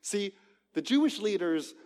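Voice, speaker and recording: A male preacher delivers a sermon in a fairly high, very animated voice that rises and drops sharply in loudness. He takes his time, lingering on key words. The sound rings with the long reverb of a large hall. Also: unhurried. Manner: emphatic, dramatic swings in loudness and pitch.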